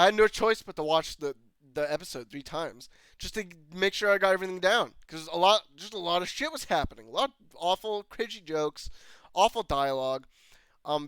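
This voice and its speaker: Online reviewer, ranting commentary, swears and laughs a lot, incredulous, smooth voice, dry close sound. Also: mid-range voice, a bit bright, no room sound. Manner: laughs often between lines, swears freely; exasperated, incredulous rhetorical questions. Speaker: video reviewer. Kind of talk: ranting commentary over footage.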